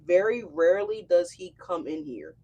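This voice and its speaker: A woman's voice: fairly low pitch, lively intonation, normal speed, warm tone, slightly rough, dull audio. A woman doing a casual tarot reading, chatty and brash, swearing freely and talking straight to her viewers. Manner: chatty, brash and profane, addresses viewers directly. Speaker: tarot reader.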